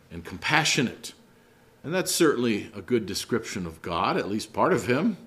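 Preaching in a mid-range voice with a fairly bright tone, this man reads from scripture and then explains it. Key phrases get emphatic upward lifts.

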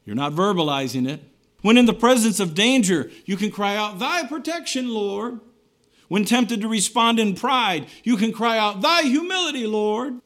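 A man preaching a sermon, earnest, rising to emphatic lines and then dropping low and quiet at the ends of phrases. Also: moderate pace. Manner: earnest preaching with wide swings between raised and hushed phrases.

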